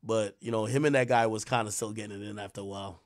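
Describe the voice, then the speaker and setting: A man's voice: on the low side, fairly even intonation, fast. A man hosting a live stream, giving casual, rambling commentary full of profanity and trash talk. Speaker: livestream host.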